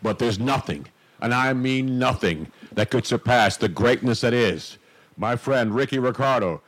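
A man's voice: mid-range voice, expressive, a little slow, a bit bright, poor audio. A man hosting a casual podcast, talking emphatically and repeating phrases for effect. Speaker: host.

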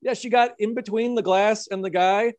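A man's voice: high-pitched, fairly even intonation, moderate pace, darkish tone, dry recording. Rambling man telling a story. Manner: rambling, filler-heavy anecdote telling with frequent "like" and "uh". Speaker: podcast co-host. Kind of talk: casual chat, storytelling.

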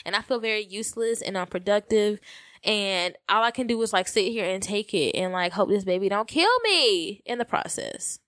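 A woman's voice: mid-range voice, normal speed, dry recording. A woman co-hosting a casual podcast, chatty and earnest. Her voice is recorded dry and close, with no room sound. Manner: earnest, chatty, warmly grateful. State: pregnant, tired. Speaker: podcast co-host. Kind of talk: casual chat.

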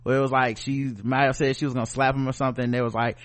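A man co-hosting a podcast in casual chat. He speaks bluntly, swears freely and gets animated. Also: medium pitch, fast. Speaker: podcast co-host.

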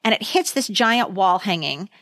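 A middle-aged woman hosting a casual podcast chat, a lively storyteller who acts out what people said. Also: mid-range voice, normal speed, no room sound, studio quality. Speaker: podcast host.

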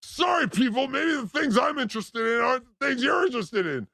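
A man co-hosting a video reaction show in casual chat, given to loud excited outbursts and crude jokes. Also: very high voice, quick pace, gravelly, music in the background.

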